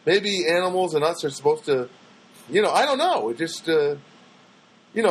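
A man's voice: a little high, sing-song, normal speed, long pauses, husky, low-quality recording. An older man telling rambling everyday stories in casual talk, full of fillers and asides.

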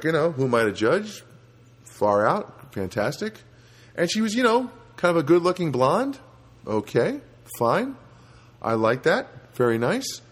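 A man delivering a rambling comedic podcast monologue through a software voice filter, often breaking off and restarting his sentences. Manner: rambling, self-interrupting, lively swings in pitch. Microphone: home recording setup.

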